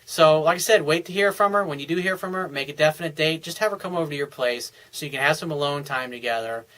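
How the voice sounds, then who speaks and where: A man's voice: fairly high pitch, quick pace, fairly bright tone, poor audio. A man working as a dating coach, reading out a listener's letter and answering it in a blunt, emphatic, lecturing way.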